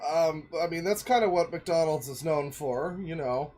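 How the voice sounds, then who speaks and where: A man's voice: a little high, moderate pace, a little mellow. A male streamer giving casual, rambling reaction commentary full of jokes and fillers. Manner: rambling, joking, many fillers.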